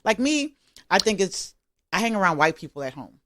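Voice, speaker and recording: Lively storytelling woman comedian. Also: mid-range voice, normal speed, slight background noise. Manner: storytelling, animated, laughs often. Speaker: comedian guest. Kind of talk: casual podcast chat.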